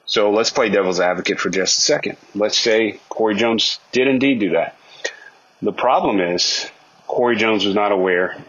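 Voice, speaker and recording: A man's voice: on the low side, normal speed, a bit bright, breathy edge. A man giving argumentative commentary on a court case, asking rhetorical questions and acting out quotes. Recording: dull lo-fi recording.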